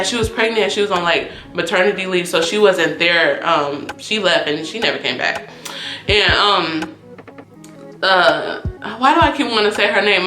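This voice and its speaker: A young woman tells a casual storytime in a bright, forceful voice, swearing freely and throwing her pitch high whenever she acts out what people said. The room echoes around her, with faint music underneath. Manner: animated, profane, acts out quoted dialogue with big pitch jumps. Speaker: YouTube storyteller.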